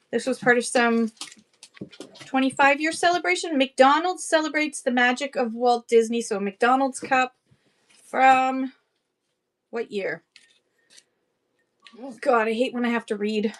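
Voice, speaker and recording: A woman's voice: fairly high pitch, expressive, unhurried, pauses often. A woman from Canada hosting a casual live-stream auction, chatty and rambling, greeting viewers by name. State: out of breath.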